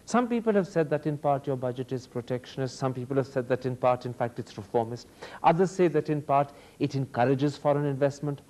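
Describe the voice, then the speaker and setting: Indian-accented male host, smooth and probing, warm mid-range tone. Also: mid-range voice, fairly quick. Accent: Indian English. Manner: probing, polished, articulate questions. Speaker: TV interviewer host. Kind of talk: formal TV interview.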